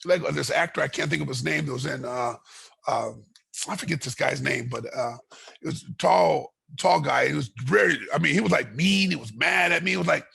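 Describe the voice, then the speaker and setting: Gravelly, raspy man telling a fight story. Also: on the high side, a little fast. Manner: animated storyteller, voices others in his story, repeats and restarts. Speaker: guest, retired fighter. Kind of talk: storytelling interview.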